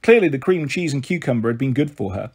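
A man reading a children's book aloud with steady, expressive narration. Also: medium pitch, fast, slightly rough. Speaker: storyteller.

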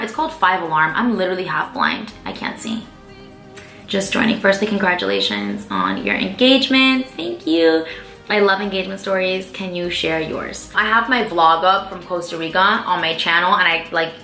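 A woman's voice: on the low side, bright, forceful tone. A young woman beauty vlogger answering viewer questions in casual chat, filling her speech with "like" and "um". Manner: chatty, fills speech with "like" and "um". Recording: echoey room with faint music.

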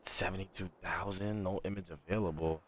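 A young man live-streaming a game, chatting casually and excitably to his viewers in heavy slang. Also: low-pitched, fairly quick, slight background noise. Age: young adult. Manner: slangy, excitable, talks straight to chat. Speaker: livestreamer. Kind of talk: casual live-stream chat over gameplay.

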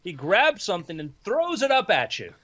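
A man narrating a tabletop game as game master, in a playful, lively way. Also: high-pitched, moderate pace. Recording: dull lo-fi sound.

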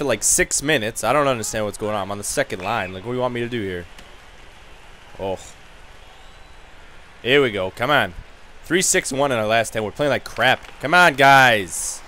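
A man doing loud, taunting gameplay commentary, trash-talking in character as his hockey player. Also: medium pitch, a little hiss or hum. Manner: loud, taunting, animated and jokey. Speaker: gamer.

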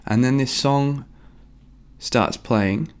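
A man's voice: medium pitch, very slow, clear, resonant tone. A young man chatting casually and rambling about a song before playing his cover, with lots of "like" and "um". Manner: rambling, easygoing, full of "like" and "um". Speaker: musician doing a cover.

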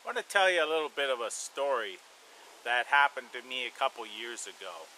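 A man hosting a bushcraft and survival channel, telling a story in a relaxed, rambling way with lots of "you know" fillers. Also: medium pitch, brisk, a little hiss or hum, low-quality recording. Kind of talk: casual spoken storytelling.

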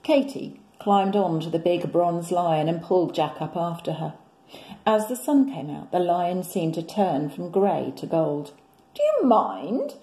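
A woman, a primary school teacher, reading a picture book aloud in a gentle, expressive storytelling manner. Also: on the low side, measured pace, roomy sound, rough recording.

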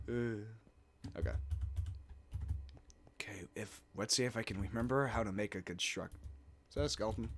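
A young man doing casual let's play commentary, talking to himself and swearing a lot, swinging from mumbles to loud outbursts. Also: fairly low pitch, normal speed, long pauses. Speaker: gamer.

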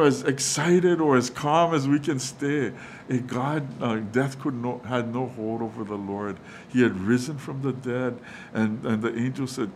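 A man preaching a sermon at a middle pitch. He often stops and restarts, with plenty of fillers, and he calls his listeners guys. A faint low rumble sits behind his voice. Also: fairly even intonation. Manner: halting delivery with many fillers and restarts; quotes the angel in a hushed, reassuring voice. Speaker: pastor.

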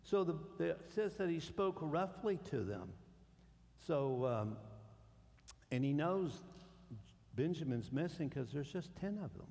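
Casting: male pastor, gravelly, fairly high voice, fiery sermon swinging hushed to loud. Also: sing-song, measured pace, long pauses. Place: church sanctuary. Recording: long church hall reverb.

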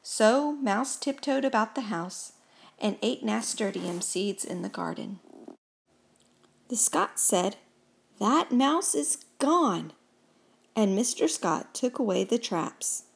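A woman reading a children's picture book aloud, expressive and unhurried. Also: medium pitch, gravelly, breathy edge. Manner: slow, expressive storytelling. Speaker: storybook reader.

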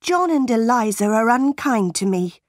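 A woman's voice: a little high, expressive, normal speed, no echo, clean studio sound, natural voice. A woman voicing a defiant, unhappy ten-year-old orphan girl in a storybook reading, earnest and stubborn.

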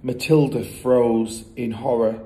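Male storyteller, mid-pitched voice, animated children's book reading. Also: slow, slight background noise. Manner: expressive, lively storytelling.

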